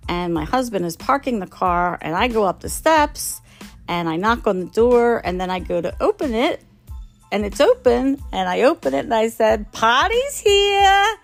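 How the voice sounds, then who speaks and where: A woman's voice: medium pitch, animated, moderate pace, gravelly, soft background music. Self-mocking woman telling funny stories. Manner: self-mocking, laughing often, acting out quoted voices. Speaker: storyteller host. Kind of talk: casual comic storytelling.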